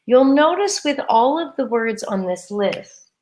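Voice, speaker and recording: A woman teaching a live English lesson, saying words slowly and carefully and repeating them for learners. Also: a little high, expressive, a little mellow. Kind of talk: live-streamed grammar lesson.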